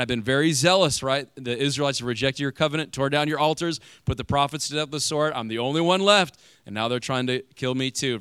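A man's voice: medium pitch, fairly bright tone, smooth, no room sound. A man preaching a sermon to a congregation in a conversational way, asking them questions as he retells a Bible story. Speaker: pastor.

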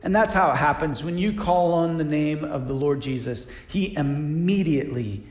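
A man preaching a sermon as pastor, shifting between hushed appeals and lively, acted-out voices. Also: moderate pace, roomy sound. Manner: dynamic preaching, acts out voices with big pitch swings.

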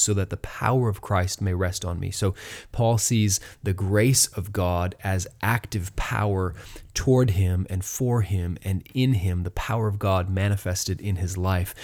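A man with a lowish voice teaches doctrine in an earnest, explanatory way. He pauses on fillers and restarts as he works through an idea, then reads verses aloud. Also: a little mellow.

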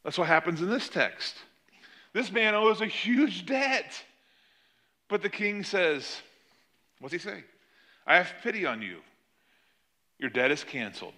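A man preaching a sermon, retelling a parable with animated emphasis. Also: sits high, measured pace, long pauses. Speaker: pastor.

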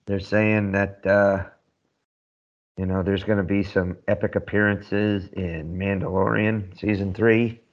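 A man co-hosting a casual chat, relaxed and unhurried as he fills in details. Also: deep voice. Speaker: podcast co-host. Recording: dull lo-fi audio.

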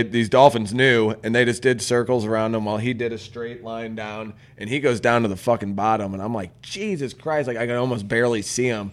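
A man hosting a casual podcast, telling a story with lots of swearing and acted-out quotes. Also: on the low side. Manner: profane, animated storyteller acting out quotes. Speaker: podcast host.

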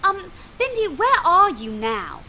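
A woman's voice: very high voice, sing-song, measured pace, sharp tone, a little hiss or hum. A woman co-hosting a comedy show, earnest and cheerful, a little flustered. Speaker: comedy co-host, sketch performer. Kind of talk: improvised comedy banter.

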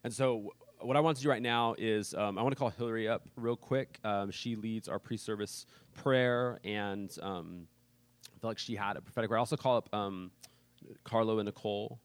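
A man preaching a sermon as pastor, earnest and conversational, moving between loud emphatic bursts and soft, quiet reading. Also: on the low side, steady tone, normal speed, no room sound.

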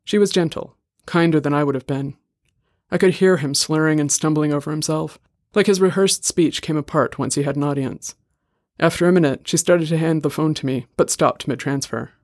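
A man reading a short story aloud in a steady, measured way. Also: on the high side, dry recording, clean studio sound. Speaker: story reader. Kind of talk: scripted narration.

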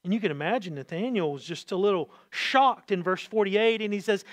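A man preaching with a high, light voice, recorded dry and close with almost no room sound. He is animated, repeating words as he goes, dropping to quiet asides and rising to loud emphasis. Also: fast, few pauses, dry recording. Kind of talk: sermon.

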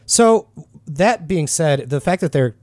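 A man co-hosting a podcast in relaxed, chatty conversation. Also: fairly high pitch, slow pace, no echo. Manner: relaxed, chatty, laughs often. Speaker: podcast co-host. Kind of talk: casual chat.

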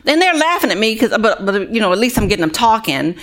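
A woman who runs a women's recovery ministry, telling animated, heartfelt stories to an audience. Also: a little high, quick pace. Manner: animated, acts out other people's voices; earnest and heartfelt, drops quieter on sad moments. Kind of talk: storytelling talk to an audience.

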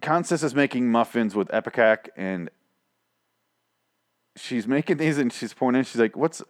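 Excitable, swearing man doing a casual show recap; mid-range voice, dry and close. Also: medium pitch, moderate pace, no echo. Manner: profane, excitable, rambling.

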